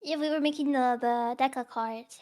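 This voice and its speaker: High-voiced giggly woman streamer. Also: fairly even intonation, normal speed, darkish tone. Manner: giggly, rambling. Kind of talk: casual chat.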